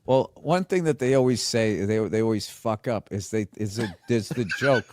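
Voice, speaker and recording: A man's voice: mid-range voice, animated, moderate pace, hardly any pauses, no echo, studio quality. A man from Boston with a Boston accent, chatting casually in a teasing, playful way. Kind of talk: casual chat.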